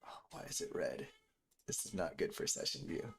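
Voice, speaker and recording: While building a beat on stream, a thirtysomething male music producer talks casually and rambles to viewers. He speaks at normal speed in a low, creaky voice whose pitch swoops wildly, and faint beat music plays in the background.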